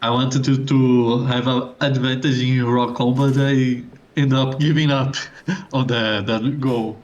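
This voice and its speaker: Halting, hesitant man. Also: mid-range voice, little pitch movement, a little mellow, lo-fi sound. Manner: halting, repeats words as he searches for them. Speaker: bingo league player. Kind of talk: casual post-match chat.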